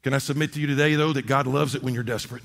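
A man preaching a sermon, swinging between loud emphatic peaks and low, quiet asides. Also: steady tone, very fast, gravelly. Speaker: pastor. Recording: long hall reverb.

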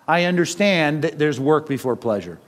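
A man's voice: a little high, animated, moderate pace. A middle-aged man, a pastor with kids, preaching a conversational sermon full of rhetorical questions.

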